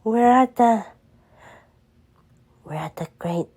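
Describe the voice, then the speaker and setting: A woman telling an improvised homemade story, halting and stammering with many fillers and restarts. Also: a little high, warm tone.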